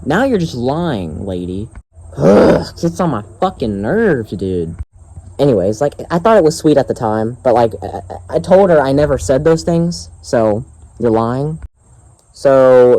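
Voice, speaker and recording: A man's voice: fairly high pitch, dark tone, rough recording. A young man vlogging outdoors, telling a story in a profane, exasperated and sarcastic rant. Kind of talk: ranting storytime vlog.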